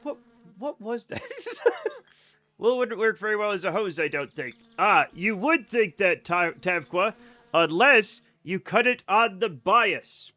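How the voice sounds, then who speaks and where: A man's voice: sits high, expressive, a little slow, sharp tone. A man streaming a game live, rambling casually to his chat in a self-amused way.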